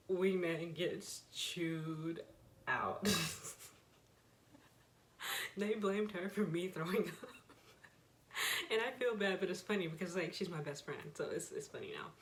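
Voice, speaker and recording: A young woman with a slightly low voice tells a story from her own life, casual and chatty. She laughs often and keeps an easy, personal storytelling flow. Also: slight background noise. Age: young adult. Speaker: vlogger.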